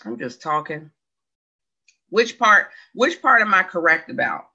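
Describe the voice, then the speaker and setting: Sing-song and a little slow, her lowish, husky voice has a sharp tone. She's in her forties, hosting a relaxed livestream and reading the chat, chatty and rambling, questioning herself and laughing often. Expect dull, lo-fi sound.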